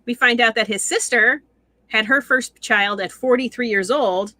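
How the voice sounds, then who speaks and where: Bright-voiced woman, dry close sound. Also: fairly high pitch, moderate pace, no room sound, low-quality recording. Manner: laughs often, chatty. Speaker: co-host. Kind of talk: casual reality-TV recap chat.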